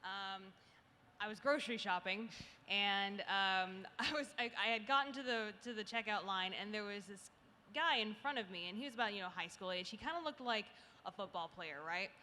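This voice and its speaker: A woman's voice: mid-range voice, moderate pace, sharp tone. A woman telling stories on a convention panel in a casual, chatty way, full of fillers and restarts. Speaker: animation youtuber panelist. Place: large convention hall. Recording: distant reverberant hall, faint noise.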